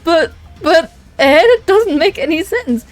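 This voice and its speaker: A woman's voice: very high voice, animated, measured pace, faint music behind, pitched above the performer's own voice. A woman doing a baffled, stammering boyfriend. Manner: confused, stammering protest. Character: bewildered young man, the narrator's boyfriend.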